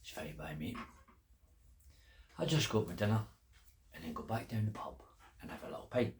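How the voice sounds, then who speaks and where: A grandad putting on a calm, soft-spoken old farmer. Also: male voice, medium pitch, fast, slight background noise, lightly acted. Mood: unbothered. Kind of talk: storytelling.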